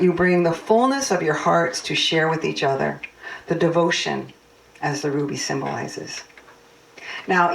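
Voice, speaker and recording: A woman minister giving a heartfelt, personal sermon and a blessing for a couple's anniversary. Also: low voice. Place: church sanctuary. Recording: echoey hall, mic far off.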